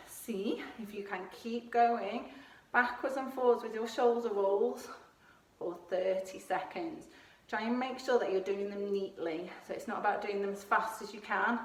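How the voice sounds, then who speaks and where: A woman coaching children through gymnastics moves at home, showing each one as she explains, a little out of breath at times. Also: mid-range voice. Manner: encouraging, demonstrates moves while talking. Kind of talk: home exercise lesson for children. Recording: echoey room, voice from a distance.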